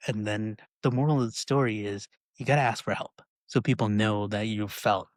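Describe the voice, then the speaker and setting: Podcast host dude, casual, keeps saying right, dry room. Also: male voice, fairly low pitch, steady tone, normal speed, dry recording. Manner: conversational, frequent "right?" tags.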